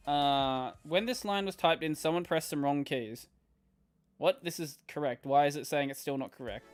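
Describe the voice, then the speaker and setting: On a live stream, a man with an Australian accent and a slightly nasal, fairly high, smooth voice reads and answers viewer questions at a moderate pace. He rambles casually with lots of fillers and restarts, while soft music plays in the background.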